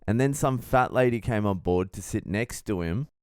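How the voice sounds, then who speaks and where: A blunt, profane comedian tells stories in a casual podcast monologue. His voice is low, clean and smooth, recorded close and dry. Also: normal speed, darkish tone, dry recording.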